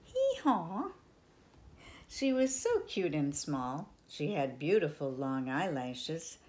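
An older woman reading a picture book aloud to children, in a playful sing-song way with sudden soft whispers. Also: sits low, expressive, slow pace. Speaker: children's storyteller.

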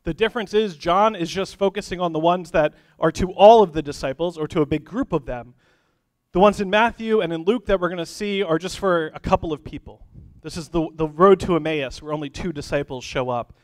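Light-voiced, smooth male pastor, casual sermon. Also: fairly high pitch, fairly quick, dry recording. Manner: relaxed, joking, conversational with fillers. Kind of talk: sermon with a told joke. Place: church sanctuary.

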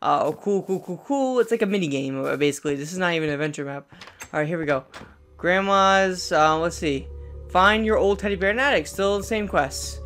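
A young man gives excitable let's play commentary on a horror game, his voice sitting a little high. He often repeats the same words over and over when startled. Faint game music plays underneath. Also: fairly quick. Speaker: gaming channel host.

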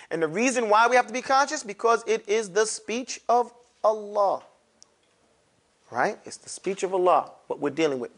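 Teaching letter pronunciation for Quran recitation, a man energetically has his class repeat sounds aloud. His voice is a little high, with a fairly bright tone.

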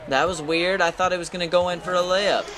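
Man reacting loudly while playing basketball game. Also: sits high, fairly even intonation, quick pace. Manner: reactive, frustrated outbursts at the game. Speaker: gaming YouTuber. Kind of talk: casual gameplay commentary. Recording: game crowd noise behind.

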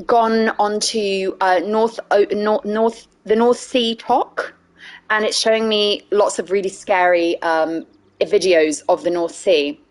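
A woman's voice: medium pitch, steady tone, slow. A young woman chatting casually on a game live stream, playful, laughing often and swearing freely. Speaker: streamer playing a video game.

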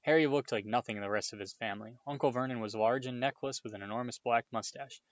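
A man reading a chapter book aloud to a listener, relaxed with informal asides. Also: mid-range voice, fast, no room sound, dull audio. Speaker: reader.

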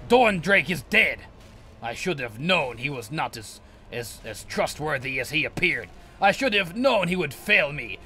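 A man's voice: medium pitch, pushed and bright. A man voicing a pompous male sorcerer mentor who speaks grandly and scorns his apprentices during gaming role-play. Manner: grandiose, haughty, formal speech.

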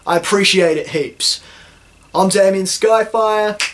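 A young man from New Zealand talks straight to camera in a satirical vlog. His New Zealand accent rides a high-pitched voice, and he swears freely as he plays at being indignant. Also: takes it slowly, a bit bright. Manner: sarcastic, profane, mock-indignant. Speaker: YouTuber. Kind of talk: sarcastic vlog rant.

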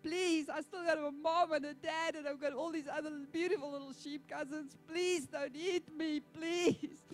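A woman voicing a timid young lion raised by sheep, begging slowly for mercy in a high, pleading voice. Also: steady tone, close to an everyday voice. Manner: pleading, slow and drawn out.

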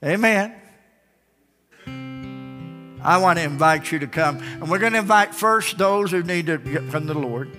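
A male pastor preaching an altar call, swinging between loud calls and soft pleading. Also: fairly high pitch, normal speed, faint music behind. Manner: calls out names loudly, then drops to soft pleading. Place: large church sanctuary. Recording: church broadcast with long reverb.

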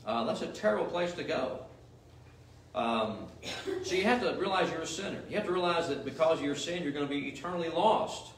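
A man's voice: a little high, a bit bright, slight background noise. A male pastor preaching a sermon in an emphatic, repetitive style full of rhetorical questions, heard in a church. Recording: echoey room, mic at a distance.

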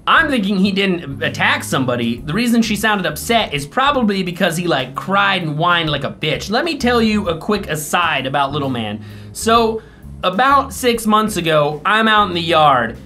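A man talks straight to camera in a loose, rambling vlog, cursing freely as he acts out the people in his story. His delivery is animated and sarcastic. Faint music plays underneath. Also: sits high, moderate pace. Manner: animated, profane, mocking impressions. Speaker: vlogger.

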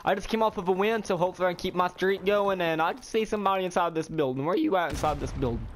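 An excitable young man talks through his match in a loose, rambling way, repeating exclamations when things heat up. His voice sits a little high, and faint game gunfire runs beneath it. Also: fast, a little hiss or hum. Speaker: gaming YouTuber. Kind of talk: live gameplay commentary. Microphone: headset or desk mic.

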